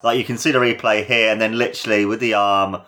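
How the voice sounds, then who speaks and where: Excitable man calling wrestling play-by-play. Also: fast. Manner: excitable, jumps up in pitch at big moves, swears. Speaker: commentator. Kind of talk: casual play-by-play commentary of a wrestling match.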